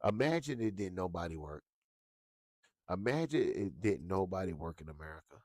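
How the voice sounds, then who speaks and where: A very deep-voiced man hosts a casual talk show, cursing freely as he rants. His delivery swoops widely in pitch, jumping into sudden high yelps. The sound is close and dry, with no room around it. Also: normal speed, dry recording. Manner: profane, animated, swings into yelps. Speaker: show host.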